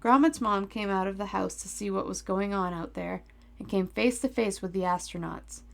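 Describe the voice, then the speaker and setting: A woman's voice: mid-range voice, moderate pace, vocal fry. A woman reading a children's story aloud on a podcast, playful and teasing in her asides, into a desk microphone.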